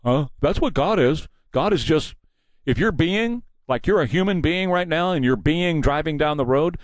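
A man's voice: fairly high pitch, lively intonation, moderate pace, no room sound. A man hosting a combative, mocking political commentary monologue.

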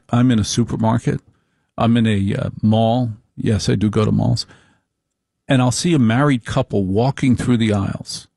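A middle-aged man delivering a slow, deliberate, wry opinion monologue with repeated phrases. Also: mid-range voice, gravelly, darkish tone, no echo, clean studio sound.

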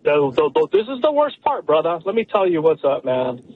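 A man's voice: on the high side, sing-song, fairly quick, breathy edge, no echo. A man calling in to a sports radio show, chatty and joking, heard over a phone line. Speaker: radio caller. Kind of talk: casual phone-in chat.

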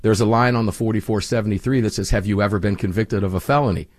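A man's voice: on the low side, fast talker, darkish tone, dry recording, studio quality. A man who hosts his own program, telling stories with emphasis as a guest on a political talk show. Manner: emphatic, storytelling. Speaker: radio host. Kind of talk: political talk radio interview.

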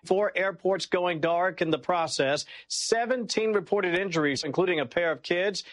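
A man's voice: high voice, normal speed. A man news correspondent giving an emphatic, punchy radio report.

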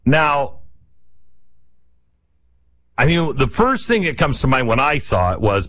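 A man's voice: mid-range voice, sing-song, measured pace, long pauses, a bit bright. Sarcastic rambling male commentary host. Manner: rambling and sarcastic, with many restarts and asides. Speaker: show host. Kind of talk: casual political commentary monologue.

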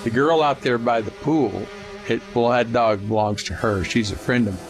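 A man's voice: medium pitch, moderate pace, soft background music, natural voice. A man doing an amused, friendly young rock star.

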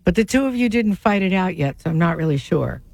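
A woman's voice: lowish voice, lively intonation, fairly quick, creaky, darkish tone, dry recording. A woman co-hosting a radio talk show, teasing her partner and reading out listener messages in a matter-of-fact way. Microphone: studio microphone.

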